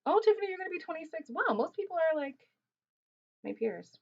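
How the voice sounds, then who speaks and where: A woman's voice: very high voice, brisk, vocal fry. Twenties woman streamer, chatty and slangy, laughs a lot, dull lo-fi audio. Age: 20s. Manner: chatty, animated, laughs often, loose slangy talk. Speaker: livestream host. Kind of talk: casual livestream chat reading viewer comments. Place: Ontario, Canada.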